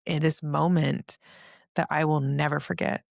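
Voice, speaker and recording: A woman who works as an energy healer, telling a story in a lively, vivid way during a casual podcast conversation. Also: low-pitched, normal speed, creaky, dry recording, clean studio sound.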